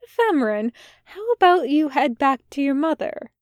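A woman's voice: high voice, big pitch swings, unhurried, no echo, clean studio sound, voice pushed up, heavily acted. A woman voicing a courteous, fussy male angel who is easily flustered.

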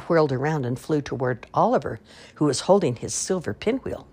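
A woman reads children's storybooks aloud in a low, husky voice with some creak. Her telling rises and falls in lively, expressive swings. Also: brisk. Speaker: storybook reader. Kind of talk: reading children's stories aloud.

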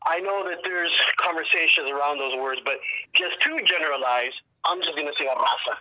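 Animated, profane man telling stories. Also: fairly high pitch, fairly quick, low-quality recording. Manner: animated, profane street slang, acts out quotes. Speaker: activist guest. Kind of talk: casual podcast storytelling.

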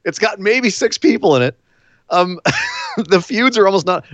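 A man chatting casually as a podcast host, his pitch swinging widely as he talks, often breaking into laughter between quick asides. The sound is dull and lo-fi, with a dry, close feel and no room echo. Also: sing-song, a bit bright. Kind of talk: casual wrestling chat.

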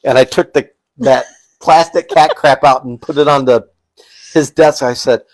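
A man co-hosting a casual chat, telling family stories in an animated way and laughing often. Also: medium pitch, moderate pace. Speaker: co-host.

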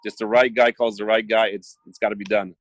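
His pitch fairly low and his pace a little fast, a man chats casually and brings his anecdotes to life by acting out the dialogue. There's no echo on the recording.

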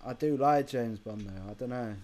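A man's voice: medium pitch, moderate pace, a crowd in the background. Laid-back young man. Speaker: podcast co-host. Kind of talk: casual chat. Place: home, remote call.

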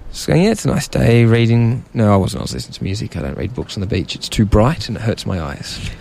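A man's voice: fairly low pitch, expressive, fast, creaky, darkish tone, a little hiss or hum. A young man, casually telling a story on a chat show in a rambling, self-mocking way. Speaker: podcast co-host telling a story.

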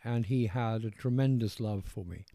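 Posh English older man, mellow voice. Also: on the low side, dry recording. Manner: measured, hesitant, circles back with restarts. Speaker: author being interviewed. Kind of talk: reflective interview conversation.

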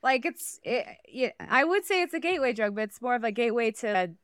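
A woman co-hosting a podcast, giggling, swearing and rambling in casual chat while high. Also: very animated, a little fast, a bit bright, clean tone, no room sound. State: high on cannabis. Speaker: podcast co-host.

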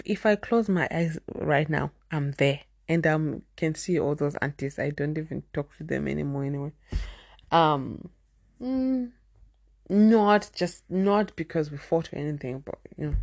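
Earnest low Zimbabwean woman, dry sound. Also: no echo. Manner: earnest and emphatic, repeats key phrases. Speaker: parenting vlogger. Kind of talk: candid personal talk to camera.

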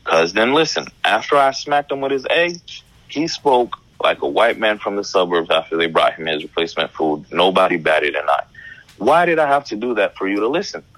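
A man speaking as a guest in casual conversation, calm and reflective, with some slang. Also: on the low side, a little fast, no room sound, rough recording.

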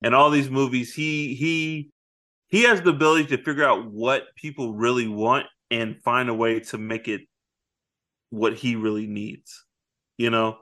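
A man co-hosting a casual movie review podcast, retelling the plot and acting out characters' lines in quick voices. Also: mid-range voice, pushed and bright. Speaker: podcast co-host.

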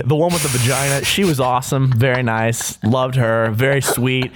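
A man's voice: medium pitch, fairly even intonation, moderate pace, noisy background. A young man in his twenties, co-hosting a podcast in casual chat, rambling and swearing with many fillers and restarts. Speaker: podcast co-host.

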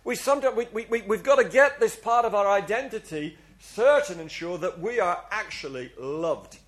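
A man with a high, fairly bright voice and lively intonation preaches at a normal speed to his church congregation. His sermon is earnest and confessional, full of restarted phrases, and he leads the people in call-and-response.

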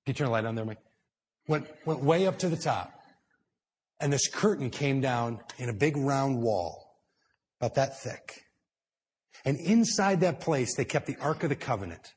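A man preaching a sermon in a church hall, telling the story with drama and dropping to hushed tones before building up louder. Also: medium pitch, lively intonation, moderate pace, long pauses. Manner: dramatic storytelling, swinging between hushed and loud. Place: indoor church hall with high ceiling.

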